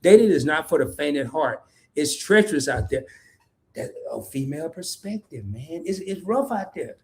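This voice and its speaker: A man's voice: on the high side, sing-song, moderate pace, a little mellow. A man, hosting a casual livestream, reading comments aloud, laughing often and repeating lines for emphasis. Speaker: host of a live talk stream.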